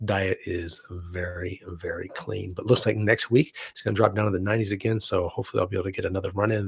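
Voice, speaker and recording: A man's voice: fairly low pitch, vocal fry, breathy edge. A middle-aged man chatting casually on a home live stream, rambling with many fillers and restarts. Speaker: vlogger and actor. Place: home room.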